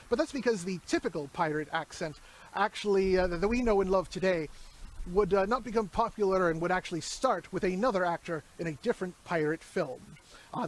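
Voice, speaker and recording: A man hosting a horror movie show, chatting casually and rambling through film trivia with a joke here and there. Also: high-pitched. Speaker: horror host.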